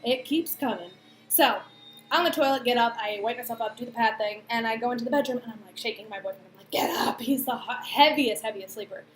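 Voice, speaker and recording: A young woman in her twenties telling a personal story to camera, chatty and animated, with lots of fillers and acted-out quotes. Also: on the high side, a little fast. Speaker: vlogger. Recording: echoey room, faint background noise.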